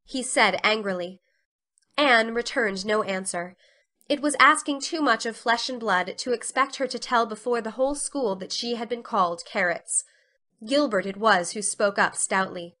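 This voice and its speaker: A woman narrating a classic novel as a dramatic storybook reading, with expressive storytelling. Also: fairly high pitch, moderate pace.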